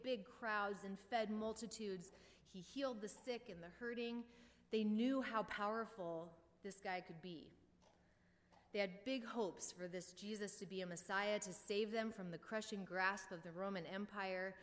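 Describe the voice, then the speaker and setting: A woman preaching a conversational sermon with a casual, wry manner and joking asides. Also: mid-range voice. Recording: long hall reverb.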